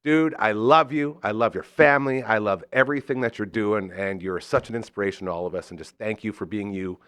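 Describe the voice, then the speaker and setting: A man hosting a live podcast, effusive and enthusiastic, swinging between loud excitement and soft sincerity while reading sponsor spots. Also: lowish voice, fairly quick, smooth, dry recording, clean studio sound. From Canada. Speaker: host. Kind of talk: live podcast talk with ad reads.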